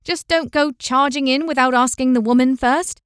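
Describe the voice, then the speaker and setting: A woman's voice: sits high, steady tone, moderate pace, smooth, no room sound, clean studio sound. A woman voicing a determined, outspoken young heroine in a fantasy audiobook, firm and insistent. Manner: forceful, insistent.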